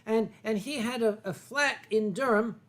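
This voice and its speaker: A man's voice: sits high, normal speed, a bit bright. A middle-aged man hosting a casual drinking chat, rambling and swearing with many fillers and restarts. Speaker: host.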